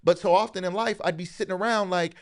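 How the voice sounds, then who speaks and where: A man with a high, lively voice holds forth like a preacher. He talks emphatically and lifts his pitch whenever he quotes someone. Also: fast. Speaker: morning show host. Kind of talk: animated preaching talk.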